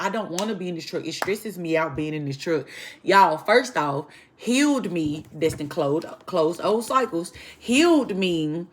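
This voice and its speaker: Animated woman telling a story, low voice. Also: a little slow, slight background noise. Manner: animated, profane, acts out dialogue, addresses "y'all". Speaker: truck driver, vlogger. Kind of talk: casual storytime monologue to viewers.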